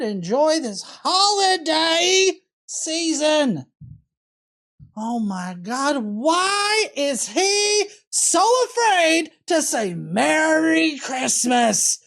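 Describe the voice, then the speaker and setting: A woman voicing an indignant conservative Christian who is easily outraged, with overexcited, drawn-out complaining. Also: sits high, voice pushed up, full character voice.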